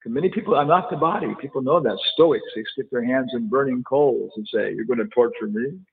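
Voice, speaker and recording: A man's voice: mid-range voice, a little fast. A man teaching a casual scripture class, chatty, with laughing asides and quotes acted out. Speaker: spiritual teacher. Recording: tinny phone-like echoey hall.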